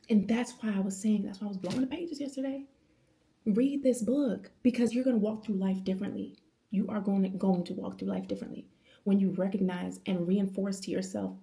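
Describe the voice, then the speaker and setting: A woman in her thirties vlogs from home late at night, chatting about the Bible with passion and many restarts. Her voice is mellow and gravelly with fry. She talks in casual slang and addresses viewers as y'all. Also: medium pitch, normal speed. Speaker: vlogger. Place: at home indoors.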